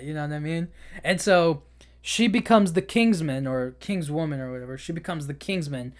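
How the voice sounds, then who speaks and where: A man's voice: a little high, animated, normal speed, fairly bright tone. A man hosting a podcast, casually retelling a film in a rambling way, full of filler words, with frequent laughs. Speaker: podcast host. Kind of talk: casual movie recap.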